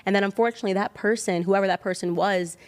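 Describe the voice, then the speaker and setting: A woman in her thirties talking casually as a podcast guest, emphatic and animated, jumping up in pitch when she acts out other people. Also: quick pace. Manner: emphatic, animated storytelling with sudden pitch jumps. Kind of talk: casual chat.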